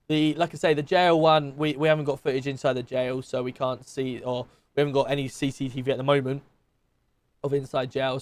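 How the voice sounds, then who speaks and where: A man with a British accent casually commenting on game footage for his stream chat, thinking aloud with plenty of ums and restarts. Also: medium pitch.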